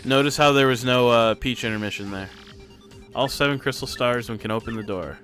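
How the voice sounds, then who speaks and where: A man's voice: medium pitch, fairly quick, a bit bright, faint music behind. Man casually commenting on a game. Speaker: streamer.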